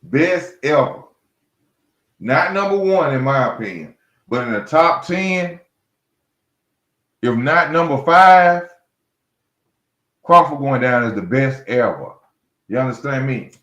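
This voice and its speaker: A man's voice: medium pitch, animated, slow pace, pauses often, a bit bright, roomy sound. A man hosting a heated solo boxing rant, blunt and mocking, repeating his points and calling fighters out directly. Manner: blunt, mocking, repetitive, speaks straight to fighters. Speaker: boxing commentary host.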